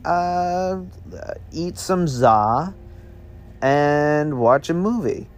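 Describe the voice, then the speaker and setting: A man's voice: fairly high pitch, animated, drawn-out words, slight background noise, voice pushed up. A man voicing an eager young male ghost hunter, calling out keen questions in a slightly raised voice.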